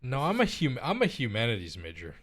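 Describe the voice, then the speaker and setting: A man's voice: medium pitch, wildly swooping pitch, brisk, fairly bright tone. A young man streaming live and chatting casually through a cheap desk mic, rambling, repeating himself and laughing often.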